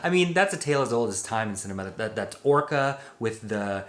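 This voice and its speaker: An opinionated man co-hosting a casual film review podcast, citing older films as he talks. His voice is low-ish and sounds roomy and echoey. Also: animated, fairly quick, a bit bright. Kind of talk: casual chat.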